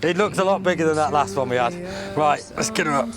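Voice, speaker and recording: A man from England chatting excitedly at a lakeside, laughing and cheering in sing-song bursts. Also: fairly high pitch, fast talker. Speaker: angler, show regular. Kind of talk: excited casual chat on camera. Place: outdoors at a lakeside. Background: music.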